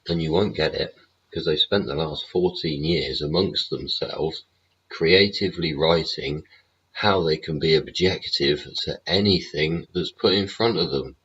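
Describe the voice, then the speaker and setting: A man's voice: a bass voice, unhurried, a bit bright, slightly rough. A British man hosting a livestream, ranting bluntly and profanely about politics and tagging his points with "yeah?" and "innit". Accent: British English. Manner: blunt, profane, rhetorical tags. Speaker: livestream host. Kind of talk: swearing political rant. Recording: dull lo-fi stream audio.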